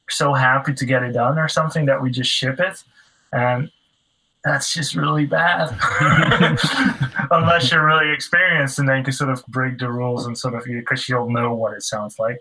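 Bright-voiced man explaining casually. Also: mid-range voice, poor audio. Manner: loose, filler-heavy explaining. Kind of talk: casual podcast discussion.

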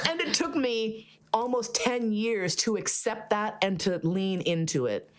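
Woman, podcast host, candid chat, profane, animated storyteller. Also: medium pitch, moderate pace, hardly any pauses.

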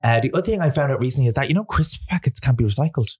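A man's voice: expressive, racing, a little mellow, husky. A man with an Irish accent, co-hosting a podcast in casual chat, telling rambling stories and mimicking people. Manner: chatty storyteller, mimics people in high voices. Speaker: podcast co-host.

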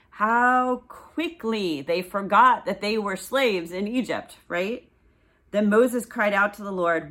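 A woman's voice: mid-range voice, slow, fairly bright tone. A woman in her forties teaching a casual Bible study, chatting and reading scripture aloud.

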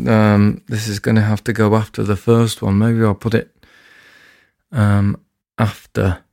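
A man performing deadpan spoken-word comedy, reading his own short pieces at a late-night recording session. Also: lowish voice, gravelly. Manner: slow, dry and understated.

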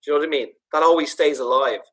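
Comedian, man, husky voice, chatty, animated storyteller. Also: fairly high pitch, racing. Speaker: podcast co-host, comedian. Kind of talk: casual chat.

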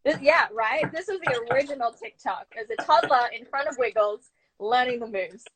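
A young Australian woman, an actor, telling her story in a chatty, animated way as an interview guest. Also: high voice, moderate pace. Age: young adult. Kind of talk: casual interview chat.

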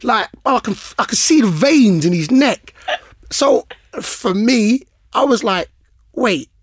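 High-voiced man, animated storyteller. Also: unhurried, no echo, clean studio sound. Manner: animated storytelling, street slang. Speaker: podcast co-host. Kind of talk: casual podcast chat.

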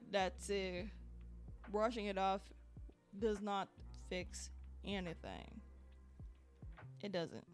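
A woman hosting her podcast, ranting solo in an exasperated, sarcastic way and repeating words for emphasis. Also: medium pitch. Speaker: podcast host. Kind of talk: solo diary-style rant.

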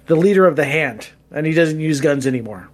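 A man's voice: a little high, animated, fairly quick. A man hosting a podcast who gives casual, crude, joking commentary on a movie. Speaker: podcast host.

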